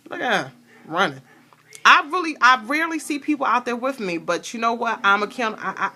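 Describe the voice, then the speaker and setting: A woman's voice: on the high side, bright, forceful tone. A woman vlogger talking casually and emphatically to camera about motivation, pep-talking and fussing with fillers and restarts. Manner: frequent fillers and restarts, bursts of laughter. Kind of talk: casual motivational vlog talk. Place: seated indoors talking to camera.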